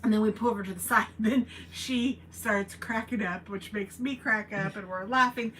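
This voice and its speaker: A woman's voice: mid-range voice, steady tone, moderate pace, a bit bright, recorded from a distance, slight background noise. Chatty woman with a mid-range voice. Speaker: co-host of a live chat stream. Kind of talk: casual chat.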